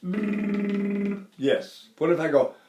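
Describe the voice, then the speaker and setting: Older male tenor teacher, conversational lecturer, a touch high-pitched, rambling with fillers. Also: animated, normal speed. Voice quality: trained tenor voice. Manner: conversational, many fillers, breaks into full operatic singing. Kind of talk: lecture with sung demonstrations.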